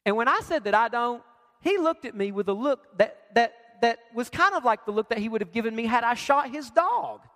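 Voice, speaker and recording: A man's voice: very high-pitched, expressive, brisk, bright, forceful tone. A man preaching a sermon as pastor, emphatic and conversational, firing off rhetorical questions to his congregation. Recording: long reverb of a large hall.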